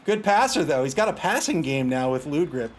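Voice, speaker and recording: A man's voice: fairly high pitch, sing-song, a little fast. A man casually commentating his own video game match, taunting his opponent and chatting with viewers. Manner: banters with chat, taunts opponents, laughs.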